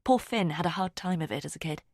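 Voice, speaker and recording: A woman's voice: fairly low pitch, fast talker, darkish tone, no echo, clean studio sound. A woman reading an audiobook, voicing a brittle, defensive young woman. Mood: guarded.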